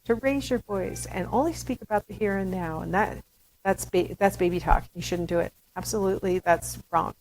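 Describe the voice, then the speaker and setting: A woman's voice: mid-range voice, moderate pace, a little mellow, slight background noise, rough recording. A woman giving a recorded lecture to students in a chatty style, with playful asides. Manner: acts out baby talk in demonstrations. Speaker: university lecturer.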